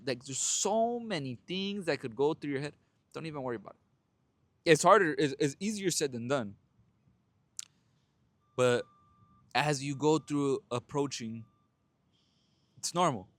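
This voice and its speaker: Speaking straight to his audience, a young podcast host delivers a casual monologue that's blunt and full of swearing. His voice is an ordinary middle pitch, and the recording is close and dry, with no echo or room around it.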